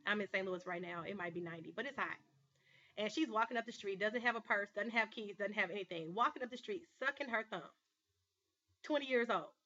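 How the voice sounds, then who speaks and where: Earnest bright-voiced woman telling a story. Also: mid-range voice, a little fast, lo-fi sound. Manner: earnest, storytelling, emphatic with rising bursts. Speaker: life coach and show host. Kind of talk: personal vlog monologue.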